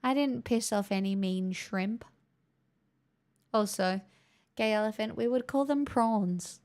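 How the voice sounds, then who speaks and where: A woman's voice: mid-range voice, slow pace, darkish tone. A young woman live streaming on a headset mic, chatting to her viewers in a giggly, rambling, self-mocking way. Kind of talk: casual chat with stream viewers.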